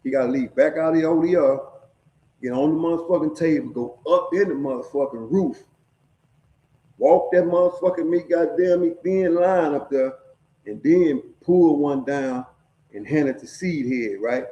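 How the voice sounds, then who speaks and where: Warm-voiced man telling street stories. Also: a little high, moderate pace, muffled recording. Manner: profane, streetwise, keeps checking in with "right?". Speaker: storyteller sharing prison stories. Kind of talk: casual storytelling. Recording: echoey room.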